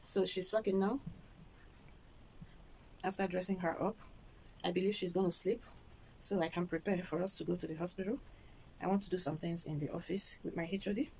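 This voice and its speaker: A young woman from Nigeria with a Nigerian accent, a mother chatting softly and gently about her baby-care routine in a home vlog. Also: mid-range voice, fairly even intonation, normal speed, pauses often, slight background noise, poor audio. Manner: soft, gentle and chatty, talking to baby and viewers in turn. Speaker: mother and vlogger.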